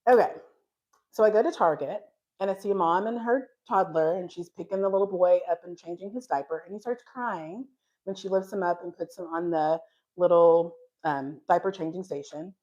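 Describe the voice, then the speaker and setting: Animated woman teaching the Bible. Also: fairly low pitch, moderate pace, dull audio. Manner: animated storytelling, acting out dialogue with laughs and sighs; frank and self-deprecating.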